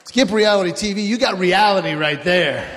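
A middle-aged man doing animated stand-up comedy for a live audience, acting out stories about his children. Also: high-pitched, normal speed, long reverb tail, some chatter behind, a little hiss or hum. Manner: animated storyteller acting out his kids and himself.

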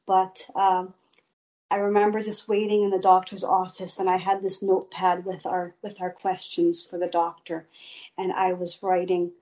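A woman's voice: on the low side, monotone, a little mellow, muffled recording. A woman guest earnestly telling a personal faith testimony in an interview. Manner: slow, earnest storytelling.

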